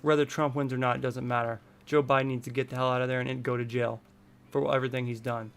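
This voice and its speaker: A man's voice: mid-range voice, little pitch movement, fast talker, a bit bright, clear, resonant tone. A man in his thirties from the United States, delivering a heated, profane vlog rant full of repetition. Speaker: vlogger. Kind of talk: angry political rant.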